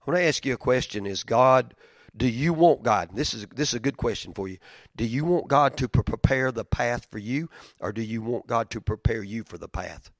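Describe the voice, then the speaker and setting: A male pastor delivers a sermon like a story told to friends. He swings from loud outbursts to hushed near-whispers. His voice sits at a middle pitch, recorded close and dry with no room sound. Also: lively intonation, moderate pace, no echo. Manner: conversational, storytelling with big swings in loudness and pitch.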